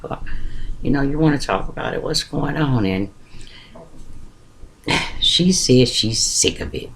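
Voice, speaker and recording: A man telling a personal story in a casual, colloquial way, with big swings in pitch for emphasis. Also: vocal fry, slight background noise.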